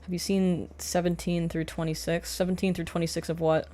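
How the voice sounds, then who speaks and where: A woman in her thirties chats casually with her live-stream viewers in a slightly low voice. She swears freely and now and then jumps into loud, excited greetings. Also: a little fast.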